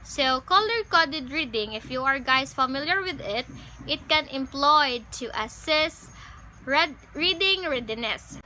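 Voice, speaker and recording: Young woman, slow bright class report. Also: high voice, slight background noise, poor audio. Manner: explains step by step with frequent "um" and self-corrections. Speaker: student presenter.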